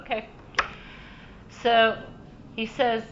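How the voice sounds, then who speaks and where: Woman teaching, Torah lesson, lively storyteller, fairly high voice, dull lo-fi sound. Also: takes it slowly, pauses often, a little hiss or hum. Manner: animated storyteller with frequent asides.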